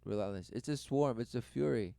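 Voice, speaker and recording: A man giving religious commentary over clips, repeating rhetorical questions and swinging between loud bursts and low mutters. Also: brisk, creaky, no echo. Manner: repetitive rhetorical, keeps asking "who knew". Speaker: online commentator.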